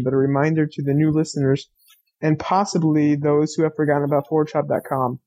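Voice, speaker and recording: A man's voice: on the high side, level tone, a little fast, warm tone, muffled recording. A young man co-hosting a gaming podcast, jokey and laughing often while reading listener mail. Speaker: podcast co-host. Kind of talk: casual chat, reading listener emails.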